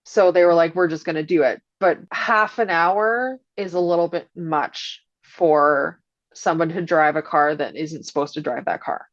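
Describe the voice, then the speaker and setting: A woman's voice: lowish voice, dry recording. A woman working as a doula earnestly recounts a tense experience, retelling what was said back and forth. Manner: earnest, animated retelling with quoted dialogue. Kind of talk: first-person storytelling. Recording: dull lo-fi audio with faint music.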